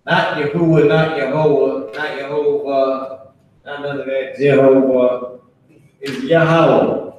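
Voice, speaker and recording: A man's voice: a little high, fairly even intonation, unhurried, muffled recording, slight background noise. A man teaching a Hebrew class at a board, casual and repetitive, drawing out key words. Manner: casual, repeats and restarts, drawls key words. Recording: very echoey room, mic far off.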